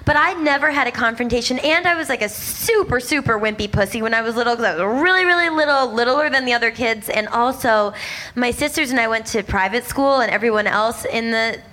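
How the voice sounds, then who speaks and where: A young woman doing stand-up, telling a story in an animated, rapid way with lots of "like" and exaggerated character voices. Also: fairly high pitch. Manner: rapid, breathless asides with lots of "like". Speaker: stand-up comedian.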